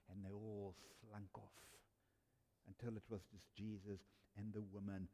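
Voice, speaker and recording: A man preaching a sermon, telling stories earnestly and emphatically with dramatic pauses. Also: on the low side, steady tone, mellow. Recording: long hall reverb.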